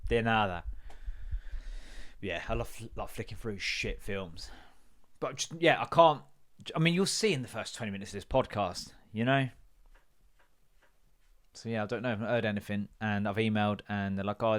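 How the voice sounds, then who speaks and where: A man's voice: lowish voice, normal speed, fairly bright tone. A man hosting a podcast, telling rambling, sweary stories with jokey put-on voices. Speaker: podcast host. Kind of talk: casual solo rant.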